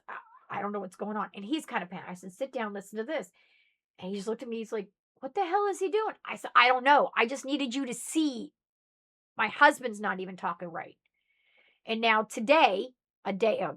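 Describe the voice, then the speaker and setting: A woman's voice: a little high, pushed and bright. A middle-aged woman talking casually to her viewers in a rambling, emphatic, preachy way. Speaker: spiritual vlogger. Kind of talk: casual monologue to camera.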